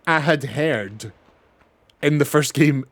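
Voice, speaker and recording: A man's voice: a little high, takes it slowly, a bit bright, dry recording. A young man giving casual, chatty commentary on a game he is playing, swearing and laughing often. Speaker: streamer.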